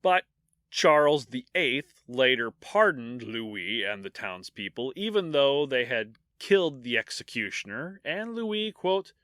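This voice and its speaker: A man's voice: mid-range voice, measured pace, no room sound, studio quality. A man co-hosting a podcast, telling grim history stories in a casual, joking way. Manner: animated storyteller, jokes about grim details. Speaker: podcast co-host.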